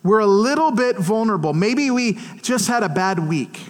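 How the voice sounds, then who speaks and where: A middle-aged man preaching a sermon as pastor, telling stories in an animated way and acting out the quotes. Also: high voice, moderate pace, big-room sound. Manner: animated storytelling with acted-out quotes. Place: church.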